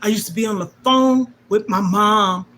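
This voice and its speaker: A middle-aged woman runs a livestream, sharing her life with viewers in an emotional, insistent way and restating her main points like a sermon. She speaks on the high side and a little fast, with slight background noise.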